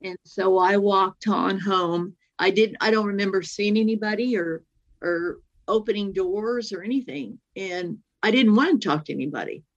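A woman's voice: mid-range voice, muffled recording. Earnest woman retelling a vivid experience. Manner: earnest, halting, with many restarts and retold dialogue. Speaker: guest telling a personal story. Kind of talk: emotional first-person storytelling.

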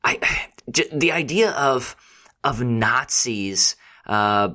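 A man co-hosts a film podcast, speaking slowly and thoughtfully. He hesitates and sighs as he weighs his words, at a middle pitch. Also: lively intonation, sharp tone. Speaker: podcast co-host. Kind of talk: casual podcast conversation.

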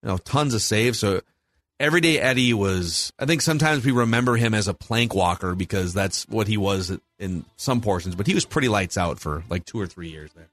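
This is a Minnesota-accented podcast host in his forties, enthusiastically rattling off rankings on a casual sports show. His voice sits on the low side, a bit bright and a little fast, in a dry recording.

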